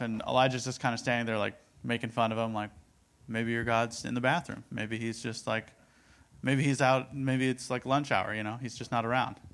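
A man giving a relaxed Bible teaching, reading verses aloud and explaining them in a chatty, conversational way. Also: mid-range voice, clear, resonant tone. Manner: conversational, lots of "like" and "right?", reads verses aloud. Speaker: preacher.

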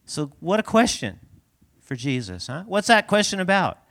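A man's voice: high voice, sing-song, normal speed, a bit bright. Chatty man preaching with a laugh. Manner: chatty, laughs often, asks rhetorical questions. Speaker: pastor. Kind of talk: conversational sermon.

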